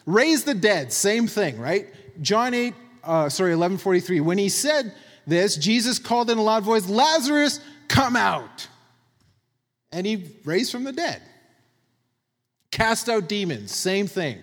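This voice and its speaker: Male pastor with a high, lively voice, conversational and emphatic, reverberant hall. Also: a little slow. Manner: emphatic, conversational, tags points with "right?". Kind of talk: sermon.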